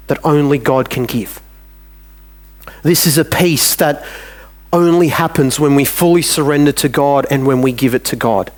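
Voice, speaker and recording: A man with an Australian accent preaching a sermon in a church, talking plainly and acting out little dialogues with God. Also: mid-range voice.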